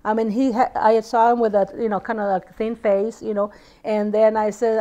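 A woman's voice: a little high, normal speed. A woman in her sixties from South Texas, telling family stories in an oral history interview and acting out the voices in them. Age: 60s. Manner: animated storyteller who acts out dialogue.

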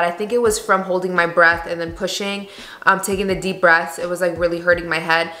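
A woman's voice: fairly low pitch, steady tone, a little fast, bright, forceful tone. A young woman vlogging in a candid, chatty way, full of "like" and "you guys.". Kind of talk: casual chat to camera. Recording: echoey room.

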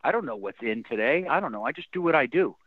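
A man's voice: medium pitch, fast, dry recording. A middle-aged man, a rock singer and guest, telling stories animatedly in a casual interview. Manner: animated storyteller with restarts and fillers. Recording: thin phone-like line, dry.

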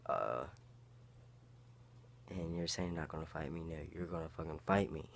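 A young man with a very low voice rambles through a profane story, acting out both sides of the exchange. He talks straight to his viewers in a casual vlog. A faint hum sits under the recording. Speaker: vlogger.

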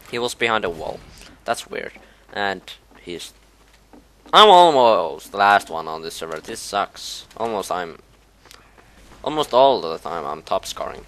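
A man casually commentating his own gameplay, muttering low asides and then yelping in panic, his voice a little low from being sick. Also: animated, a little slow, long pauses, fairly bright tone, a little hiss or hum. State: slightly sick, voice a bit low. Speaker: gamer.

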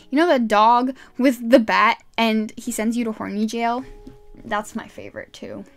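A woman's voice: a little high, creaky. A woman streamer chatting and giggling through casual gameplay commentary, talking to her viewers from a desk microphone at home. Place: home gaming setup.

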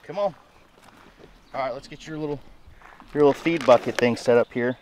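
A man hosting a casual farm vlog outdoors, chatting folksily to the camera and talking to his goats in an excited sing-song. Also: medium pitch, moderate pace, very noisy. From Nebraska, USA. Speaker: homestead vlogger.

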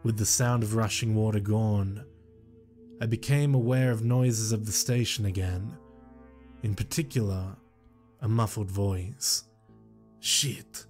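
A man narrating a horror story in a slow, measured, somber way. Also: lowish voice, mellow.

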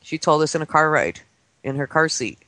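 Excitable man in his forties, dry studio. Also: fairly high pitch, fairly quick, dry recording. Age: 40s. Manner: excitable storyteller acting out children's voices. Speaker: radio show guest. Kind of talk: casual talk-radio chat. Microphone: studio microphone.

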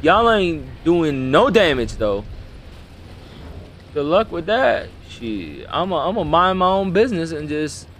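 A young man giving loud, profane, excitable commentary while playing a video game. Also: fairly high pitch, measured pace, a little hiss or hum. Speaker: gaming streamer. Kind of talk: casual gameplay commentary.

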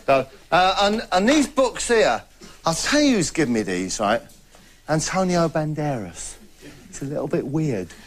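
A man's voice: fairly high pitch, very animated, measured pace. A man hosting a comedy show, delivering a rambling, chatty monologue to camera and laughing between jokes. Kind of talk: deadpan stand-up monologue to camera. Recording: clear background noise.

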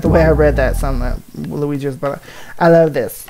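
A woman's voice: low-pitched, steady tone, moderate pace, gravelly. A woman hosting a gaming video, joking and rambling through a Let's Play with a scratchy voice. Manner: chatty, jokey, rambling asides. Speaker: gaming channel host. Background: game music.

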